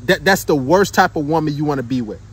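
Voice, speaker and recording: Husky high-voiced man preaching dating advice. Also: animated, fast. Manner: emphatic, repeats points and checks in with "right?" and "okay?". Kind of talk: preachy monologue to the camera.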